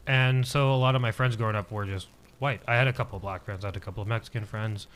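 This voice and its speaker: Young male podcast guest, low voice, halting casual storyteller. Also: fairly bright tone. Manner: hesitant storytelling, heavy use of "like" fillers.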